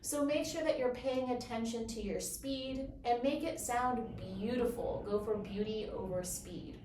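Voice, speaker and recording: A woman explaining bassoon technique in a clear, encouraging, step-by-step way. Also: unhurried, darkish tone, a little hiss or hum. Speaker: bassoon teacher. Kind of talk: instructional explanation. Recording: roomy echo, from a distance.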